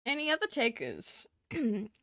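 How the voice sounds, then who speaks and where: A woman's voice: on the high side, wildly swooping pitch, measured pace, fairly bright tone, no room sound, clean studio sound. A woman streamer in casual live-stream chat, swearing freely, laughing often and talking to her chat.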